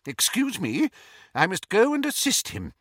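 Man voicing a crisp, proud old witch. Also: high voice, wildly swooping pitch, unhurried, fairly bright tone, no room sound, studio quality, pitched above the performer's own voice, full character voice. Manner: clipped, proud. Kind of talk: audiobook character voice.

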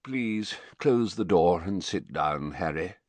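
Casting: man doing a patient old headmaster for an audiobook, low, measured, dry close read. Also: very animated, dry recording. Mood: patient, weary. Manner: measured, patient, slightly weary. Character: elderly wise male headmaster, calm, weary. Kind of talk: audiobook character voice.

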